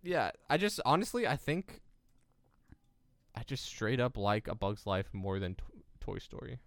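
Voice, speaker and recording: A man's voice: medium pitch, very animated, measured pace, no echo. A man co-hosting a casual podcast chat, rambling and hesitant, often trailing off and starting over. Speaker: podcast co-host.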